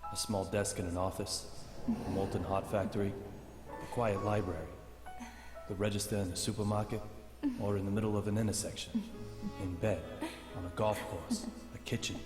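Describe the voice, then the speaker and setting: An actor playing a brooding widowed former narcotics detective, in a slow, grave game monologue. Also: male voice, on the low side, flat delivery, lightly acted. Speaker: game protagonist narrator. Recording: roomy reverb with game music.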